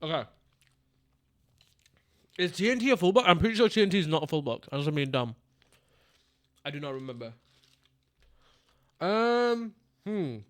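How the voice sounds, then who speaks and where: A young man streaming a game live, swearing freely and calling his chat "bro" while he guesses out loud. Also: a little high, normal speed, pauses often. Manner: profane, excitable, calls the chat bro.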